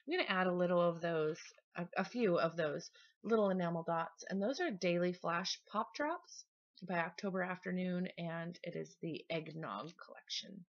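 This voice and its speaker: A woman talking casually through her scrapbooking process in a relaxed, chatty voice-over. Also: on the low side, moderate pace, muffled recording. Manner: chatty, relaxed, with small restarts. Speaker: scrapbooking vlogger.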